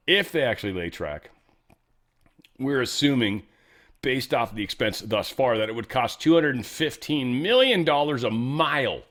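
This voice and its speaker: A man's voice: mid-range voice, a bit bright. A man hosting a show, giving casual news commentary in a sarcastic, profane, ranting way. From California. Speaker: show host.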